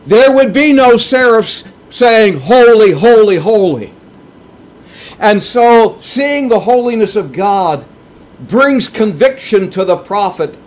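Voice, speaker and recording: A middle-aged man preaching a sermon, earnest and emphatic, repeating his key points. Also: very high-pitched. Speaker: pastor.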